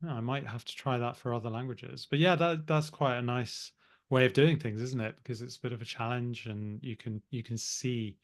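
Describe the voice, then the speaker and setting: A man's voice: mid-range voice, fairly even intonation, a little fast. A man co-hosting a podcast, chatting casually and agreeably, often ending points with tag questions. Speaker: podcast co-host. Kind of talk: casual teaching chat.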